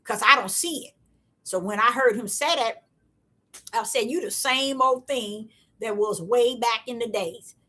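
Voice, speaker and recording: A woman giving a casual, repetitive spiritual talk to her viewers in a preachy, excitable way. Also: on the high side, measured pace. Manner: preachy, repetitive, excitable, African American Vernacular English. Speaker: online preacher.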